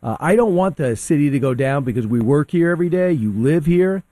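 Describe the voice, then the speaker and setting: A man with a fairly high yet dark, mellow voice, recorded dry and close. He argues heatedly as a talk radio guest, stumbling over and repeating words as he pushes his point. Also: lively intonation, fairly quick, no echo. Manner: heated, restarts and repeats words, acts out quotes. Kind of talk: opinionated talk radio discussion.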